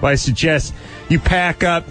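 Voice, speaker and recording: A man's voice: on the high side, steady tone, moderate pace, a bit bright, soft background music, lightly acted. A man playing a pompous, blunt male radio advice host who boasts that he tells it how it is and rattles off long lists of what he is not. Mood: boastful. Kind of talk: comedy character bit with callers.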